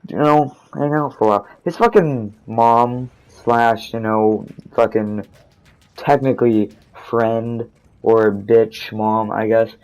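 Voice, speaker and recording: A man's voice: medium pitch, fairly even intonation, slow pace, a little mellow, dull audio. Rambling, profane teenage boy. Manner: rambling, profane, restarts often. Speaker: gaming storytime narrator. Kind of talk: casual storytime over gameplay.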